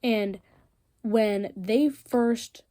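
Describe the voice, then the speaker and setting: Teen girl rambling to her phone, soft mellow tone, dry close sound, lots of likes and ums. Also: fairly high pitch, extremely slow, dry recording. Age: teens. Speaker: vlogger. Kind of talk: casual rant while crafting.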